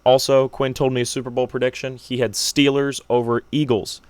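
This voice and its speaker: A man's voice: mid-range voice, flat delivery, brisk, a little mellow, smooth, dry recording. A young man hosting a solo sports podcast, making brash, joking predictions like a hyped-up fan. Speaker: podcast host.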